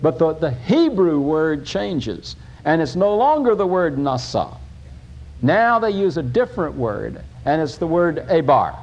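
Animated, lively-voiced male preacher. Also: a little high, highs cut off. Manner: animated, emphatic preaching with pauses and restarts. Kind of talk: sermon.

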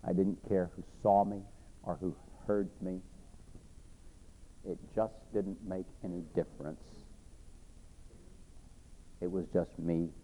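A man preaching and telling his own conversion story in an earnest way, repeating himself, rising and then dropping to a hush. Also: sits low, steady tone, slow pace, pauses often, a little hiss or hum. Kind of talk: sermon testimony storytelling. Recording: tinny phone-like sound.

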